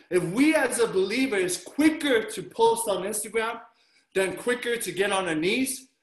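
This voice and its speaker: A man preaching a sermon as pastor, telling stories with animated delivery and acting out his own reactions. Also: high voice. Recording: roomy echo.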